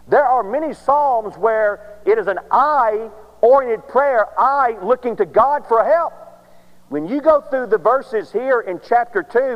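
A man's voice: sits high, highs cut off. Man preaching in a large echoing hall. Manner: dramatic preaching with long pauses and sudden swings of loudness. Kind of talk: sermon.

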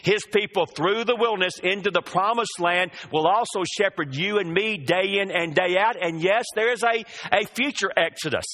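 A man's voice: sits high, moderate pace, few pauses, sharp tone. A man preaching a sermon, drawing out the scripture quotes with emphasis.

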